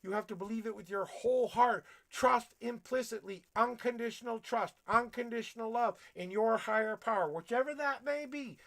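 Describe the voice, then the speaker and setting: A man giving a blunt, profane tarot reading on a livestream, preaching at his viewers and working himself up to yelling. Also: extremely high pitch, normal speed, creaky, few pauses. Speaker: tarot reader.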